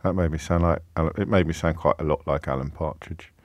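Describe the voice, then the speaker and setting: A man's voice: extremely low pitch, steady tone, fast, dry recording. A man hosting a radio phone-in, talking casually in a chatty, wry, self-mocking way. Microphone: studio microphone.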